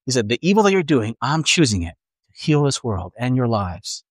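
A man's voice: medium pitch, big pitch swings, breathy edge, no echo. Earnest male pastor, dry close sound. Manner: earnest, reflective preaching with pauses. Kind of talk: sermon. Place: church room with a congregation.

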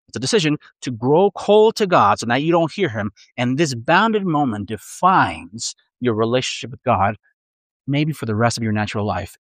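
A middle-aged man preaching a sermon in a conversational, animated way, acting out inner voices. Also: mid-range voice, no room sound. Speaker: pastor.

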